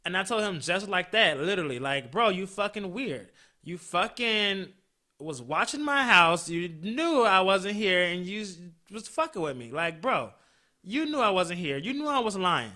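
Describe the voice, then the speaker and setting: A man hosting a podcast, telling a story in a blunt, profane, animated way. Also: high voice, normal speed. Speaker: podcast host. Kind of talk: casual storytelling.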